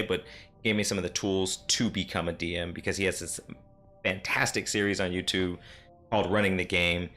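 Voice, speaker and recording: A man's voice: low-pitched, fairly bright tone. A man who is a dungeon master, rambling casually about his last game session, full of fillers and self-deprecating asides. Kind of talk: casual solo recap talk. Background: faint synth music.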